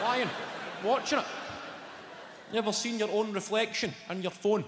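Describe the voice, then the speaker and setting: A man's voice: high-pitched, steady tone, a little fast, long pauses, slight background noise. A young Scottish man performing a brash, sweary stand-up routine, telling stories on a theatre stage into a handheld mic. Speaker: stand-up comedian. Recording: roomy venue, loud audience laughter.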